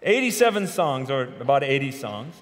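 A man's voice: mid-range voice, big pitch swings, moderate pace. A middle-aged man, a pastor, preaching a sermon in a conversational way with self-deprecating humor, in a large church sanctuary. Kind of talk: sermon with personal stories. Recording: long reverb of a church hall.

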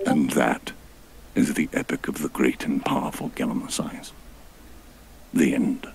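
A man's voice: extremely low pitch, level tone, unhurried, vocal fry, long pauses, a little hiss or hum. A man narrating a comic, mock-epic rhyming story in a theatrical manner.

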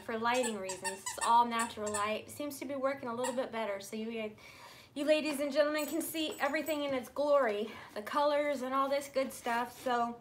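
A woman hosting a casual live-stream handbag sale from a room at home. She chats in a friendly way and coos at her pets in a high voice. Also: a little hiss or hum. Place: room at home in natural light, pets nearby.

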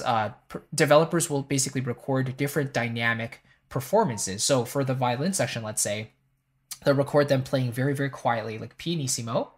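A man's voice: medium pitch, a bit bright. A man hosting a composing tutorial, explaining in a friendly conversational way and often checking in with "right?". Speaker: composer and music teacher.

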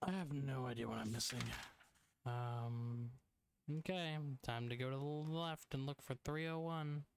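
A young man streams his game play with a steady, middle-pitched voice, grumbling and cursing at being lost. His desk mic picks up plenty of hiss and clicks behind him. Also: unhurried. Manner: frustrated, swears a lot. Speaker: gamer streamer. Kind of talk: let's play commentary. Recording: noisy home recording.

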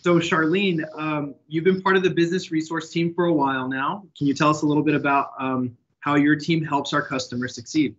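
A man's voice: fairly high pitch, fairly even intonation, a little fast, few pauses, a bit bright. Man hosting a webinar, dull audio. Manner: friendly, loose with fillers. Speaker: host.

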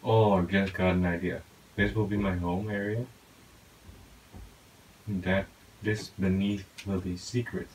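Gaming channel host, man, very low voice, chatty self-talk commentary, faint hiss behind. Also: unhurried, long pauses, rough recording. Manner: talks to himself, excitable outbursts. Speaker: gaming YouTuber. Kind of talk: casual gameplay commentary.

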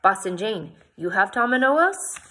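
A woman's voice: medium pitch, very animated, measured pace, sharp tone, pitched above the performer's own voice, exaggerated voice. A woman voicing a friendly native man who translates in broken English. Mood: cheerful.

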